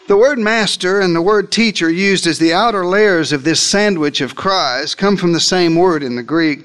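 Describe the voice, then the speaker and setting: A man's voice: sits high, fairly bright tone. A man preaching a sermon, retelling a scene dramatically in the first person with emphatic delivery.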